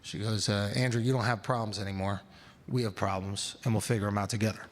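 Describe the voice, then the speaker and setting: A man doing stand-up in a large theater, telling a story and acting out the dialogue, sliding from hushed to shouting. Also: fairly low pitch, fairly even intonation, fast, very noisy. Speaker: stand-up comedian. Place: large theater stage before a live audience. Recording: live theater with long reverb and crowd ambience.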